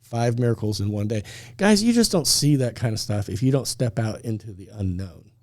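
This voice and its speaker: A middle-aged man from Indiana spins a personal story on a podcast. His voice is mellow and dark. He talks casually, laughs often and acts out every line of dialogue. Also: mid-range voice, expressive, brisk.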